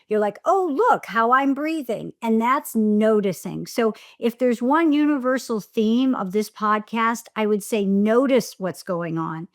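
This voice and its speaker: A middle-aged woman, a divorce coach, speaking as a podcast guest and explaining ideas in a calm, affirming way. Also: fairly high pitch, measured pace, hardly any pauses, dry recording, clean studio sound.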